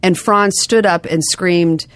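A woman's voice: fairly low pitch, steady tone, slow pace, no room sound. A woman, a comedian guest, rambling in casual chat, self-deprecating and full of restarts. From United States.

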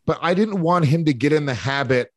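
A man's voice: a little high, expressive, brisk, no room sound. Rambling, profane male podcast host. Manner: rambling, profane, stammering restarts. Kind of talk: casual podcast chat.

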